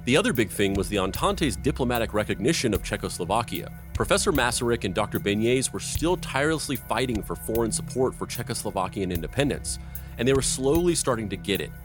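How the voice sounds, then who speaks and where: A man hosting a history podcast, narrating events and slipping into deadpan absurd jokes. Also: on the low side, brisk, soft background music.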